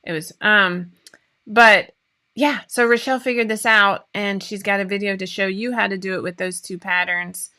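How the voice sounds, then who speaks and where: A woman's voice: medium pitch, steady tone, moderate pace, sharp tone. A woman, hosting a casual live-stream chat in a bubbly, rambling way with many fillers. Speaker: host of a sewing pattern company show.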